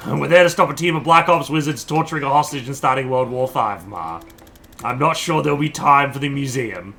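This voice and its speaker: A man reading game dialogue aloud, voicing a weary grown son in a low, flat, deadpan way. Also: normal speed.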